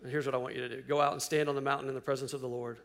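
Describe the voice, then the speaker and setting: A man, preaching, voicing God as a patient, matter-of-fact male figure in a quiet, lowered voice. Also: little pitch movement, rapid-fire, natural voice. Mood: calm.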